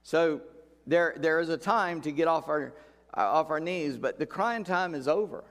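A man's voice: on the high side, moderate pace, a bit bright. Folksy preaching man in a reverberant hall. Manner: conversational, folksy preaching with repeated phrases. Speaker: pastor. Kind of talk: sermon.

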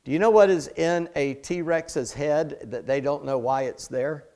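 A man's voice: fairly high pitch, unhurried, a little mellow. A middle-aged man preaching a sermon in a conversational way, with chatty asides and jokes. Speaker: pastor.

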